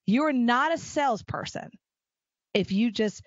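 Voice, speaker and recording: A middle-aged woman hosting a solo podcast. She talks in an animated, emphatic way and repeats phrases for stress. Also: fairly high pitch, measured pace, no room sound, highs cut off. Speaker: podcast host. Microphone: close mic at a desk chair.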